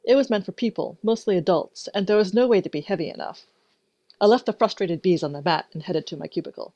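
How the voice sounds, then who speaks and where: A woman's voice: medium pitch, darkish tone, no echo. Woman reading a story, dry lo-fi sound. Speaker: narrator. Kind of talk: first-person story reading. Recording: dry, dull lo-fi recording.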